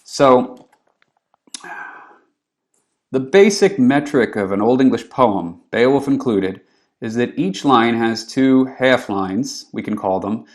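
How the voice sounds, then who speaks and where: A man lecturing on early literature in a relaxed way, with frequent ums, reading old verse aloud slowly. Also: medium pitch. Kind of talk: recorded classroom lecture.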